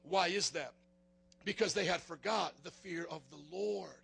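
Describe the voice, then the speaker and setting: A man, a pastor, preaching a sermon in a jokey, animated way, calling out to the congregation for responses. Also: sits high, unhurried, gravelly, slightly rough.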